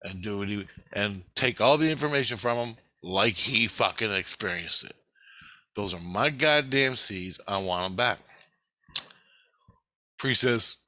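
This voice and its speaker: A man's voice: on the low side, expressive, unhurried, pushed and bright, dry recording. A man telling a rambling, agitated story in a casual spoken monologue, full of swearing. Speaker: vlogger.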